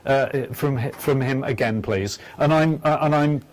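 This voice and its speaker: A man hosting a live phone-in show as a psychic medium, speaking gently and haltingly, with many stammers and restarts. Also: medium pitch.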